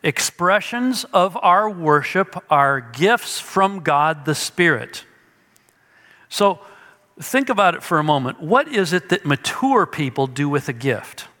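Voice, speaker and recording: A man's voice: a little high, big pitch swings, slow pace, pushed and bright, big-room sound. A male pastor preaching an expository sermon, emphatic and teaching through rhetorical questions.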